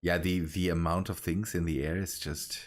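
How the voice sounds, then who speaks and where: A man's voice: sits low, flat delivery, slight background noise. A man streaming a building game, chatting casually with teammates and often restarting his sentences as he plays. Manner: halting, restarts phrases while busy. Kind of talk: casual gaming chat.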